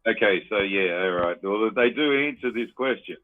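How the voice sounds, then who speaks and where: A man rambles through a casual podcast chat, swearing freely. His voice is fairly low. It comes through a dry, tinny line that sounds like a phone. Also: normal speed, no echo. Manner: swears a lot, rambling, animated. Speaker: podcast co-host.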